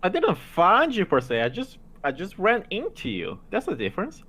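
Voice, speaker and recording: A man's voice: high-pitched, huge pitch swings, moderate pace, a bit bright. A man playing a bard in a tabletop game, hesitant and stammering, with a joking manner. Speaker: player.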